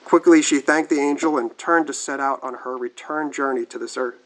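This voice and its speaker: Man, priest, scripture reading and sermon, measured, formal, mid-pitched voice. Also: steady tone, poor audio. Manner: measured, formal liturgical delivery.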